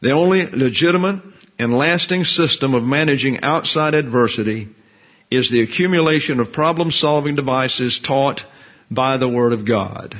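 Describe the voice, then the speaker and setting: A man preaching a Bible teaching sermon in a measured, emphatic teaching manner. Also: medium pitch, dull audio. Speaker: pastor.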